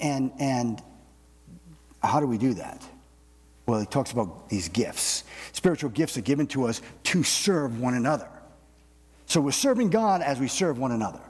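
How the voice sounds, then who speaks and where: A middle-aged pastor speaks in a husky voice, telling homey stories from his pulpit in an easy, self-deprecating way. His words ring out with a long echo through a large church hall. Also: medium pitch, a little mellow. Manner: folksy, self-deprecating, repeats words as he goes. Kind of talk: conversational sermon. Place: church sanctuary.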